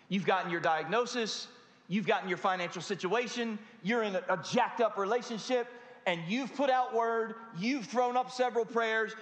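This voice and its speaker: High-voiced preacher in an echoing church. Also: male voice, a bit bright. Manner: dramatic, drawn-out pauses and rhetorical questions to the congregation. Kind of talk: sermon. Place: church sanctuary. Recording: echoey hall with long reverb.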